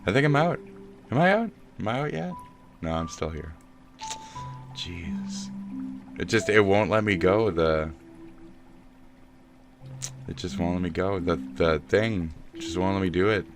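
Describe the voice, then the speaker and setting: A man with a lowish voice rambles through a live-stream sign-off, joking and swearing in playful mock outrage. Music plays clearly underneath him. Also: lively intonation, a little slow, pauses often.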